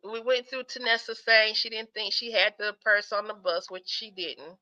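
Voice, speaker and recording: Bright-voiced sleepy woman hosting a stream. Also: medium pitch, normal speed, muffled recording. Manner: chatty, laughs often, talks straight to viewers. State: sleepy, yawning. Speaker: livestream host. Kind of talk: casual livestream chat reading viewer comments.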